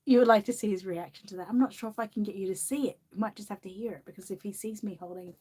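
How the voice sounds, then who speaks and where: She talks fast, her medium-pitched voice a little mellow and slightly rough, as she chats casually and reads a children's picture book on her channel. The Australian host laughs a lot and stays giggly and chatty.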